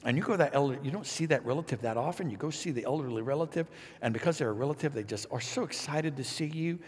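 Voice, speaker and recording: Guy preaching in a big church, lively and playful, reverb trailing off the walls. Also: medium pitch, fast talker, husky. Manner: animated, playful, reads scripture aloud with asides. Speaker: pastor. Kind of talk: sermon.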